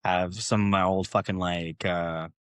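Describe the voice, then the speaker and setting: A man with a Cape Breton accent co-hosting a fitness podcast, swearing constantly as he tells animated stories in casual chat. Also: deep voice, unhurried, clear, resonant tone, no echo, studio quality. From Canada, Cape Breton. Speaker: fitness coach, podcast co-host.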